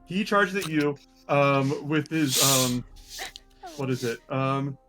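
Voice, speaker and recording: A man running a tabletop game as game master, talking in a relaxed, rambling way with lots of ums. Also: medium pitch, takes it slowly, music in the background.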